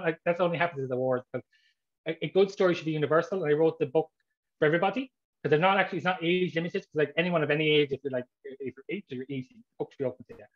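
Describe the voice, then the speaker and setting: An Irish man talks fast and a little high, swooping through asides and acting out what he said and thought. He is an author taking audience questions in a casual, chatty way. The recording is dull and lo-fi. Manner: animated storyteller, quick, acts out his own reactions.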